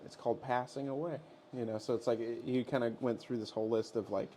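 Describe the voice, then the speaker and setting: A man's voice: mid-range voice, steady tone, fast talker, warm tone. Man, podcast co-host, laid-back, agreeable, faint background hiss. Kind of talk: casual chat.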